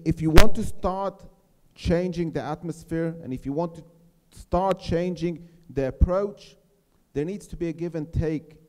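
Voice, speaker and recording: A man's voice: fairly high pitch, darkish tone. Earnest middle-aged man in a big hall. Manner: earnest, persuasive, slows to stress key points. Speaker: settlement mayor on a panel. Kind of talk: panel talk to a live audience. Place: lecture hall. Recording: reverberant hall.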